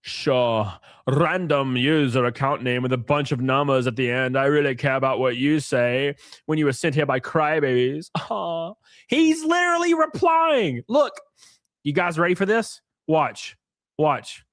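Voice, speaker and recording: A man's voice: a little high, measured pace, no echo, studio quality. A man live-streaming, reading posts aloud and ranting at them in a mocking, profane way while drinking. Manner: mocking, profane, animated rants.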